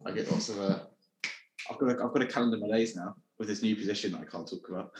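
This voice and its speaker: A man making dry, deadpan quips while chatting with friends on a podcast. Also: lowish voice, fast, echoey room, heavy background noise. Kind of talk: casual chat among friends.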